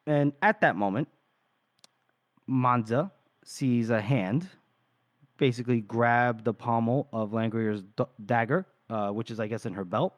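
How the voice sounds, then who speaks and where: A man's voice: medium pitch, measured pace. Man casually recapping a book scene. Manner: retells scenes with quoted lines. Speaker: podcast co-host.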